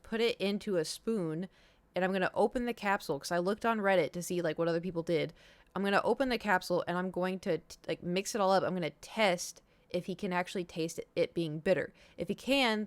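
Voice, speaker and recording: A woman's voice: lowish voice, clean tone, no room sound. A young woman streaming, telling a long story in casual chat, acting out what people said and swearing now and then. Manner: rambling storytelling, acts out quoted dialogue, swears.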